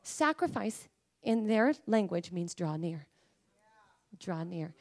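A woman preacher delivering a sermon, emphatic and pleading, at times rising to high fervent cries. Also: expressive, takes it slowly, a little mellow.

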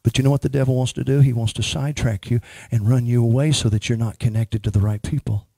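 A man's voice: mid-range voice, fairly even intonation, quick pace, creaky, warm tone, breathy edge, no room sound. A man ministering as a prophet, speaking emphatically and praying over a woman in church. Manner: emphatic, prays over a person.

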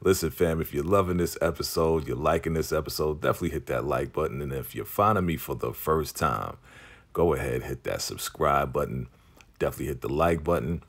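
A man recapping a TV episode in a casual, animated, slangy way, acting out the characters' lines. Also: extremely low pitch, fairly quick, breathy edge. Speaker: TV recap vlogger.

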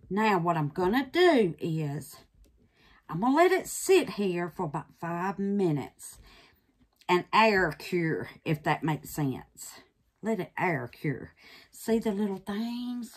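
A woman's voice: medium pitch, breathy edge. A woman hosting a casual resin craft vlog. She is chatty and affectionate, calls her viewers babies and honey, and drops into nervous whispers while she works. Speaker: resin craft channel host.

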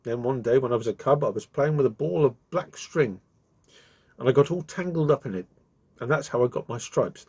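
A man's voice: medium pitch, lively intonation, fairly quick, darkish tone, breathy edge, muffled recording. A man voicing a growling male tiger in a children's story who tells a mocking tall tale. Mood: gruff.

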